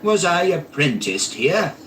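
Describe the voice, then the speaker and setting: A man's voice: medium pitch, slow pace, fairly bright tone, pitched above the performer's own voice. A man voicing Scrooge, an old man, with eager emotional exclamations in a storybook reading. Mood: stirred. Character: miserly old man, moved and wistful. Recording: distant mic, faint background noise.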